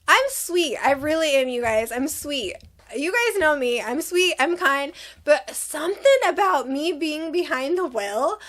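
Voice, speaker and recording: Chatty high-voiced woman vlogger. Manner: chatty and animated, with dramatic asides. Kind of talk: casual chat to camera.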